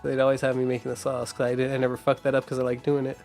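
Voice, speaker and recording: A man's voice: medium pitch, completely flat delivery, very fast, gravelly, a little mellow, faint music behind. A man streaming a game, ranting casually with heavy swearing and frequent laughter. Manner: profane, rambling, laughs often.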